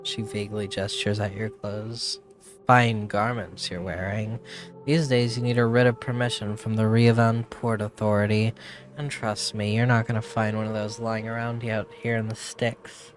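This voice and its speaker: A man's voice: fairly low pitch, level tone, moderate pace, soft background music, natural voice. A man reading a weary, blunt woman dock official in a fantasy game, in his own voice with dry, swearing complaints. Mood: grumbling.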